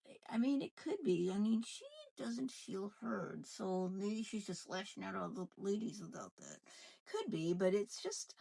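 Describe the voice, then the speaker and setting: A woman's voice: mid-range voice, vocal fry, a little mellow, slightly rough, rough recording. A woman ventriloquist chatting casually in a gossipy back-and-forth banter, recapping a reality show.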